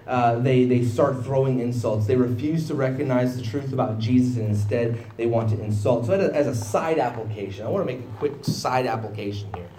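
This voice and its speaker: A man's voice: mid-range voice, warm tone, roomy sound, slight background noise. A man preaching through a Bible passage in a conversational way, often checking in with his listeners and acting out the people in the story. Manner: conversational, asks "right?" often, acts out quoted voices. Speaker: pastor. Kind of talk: expository sermon.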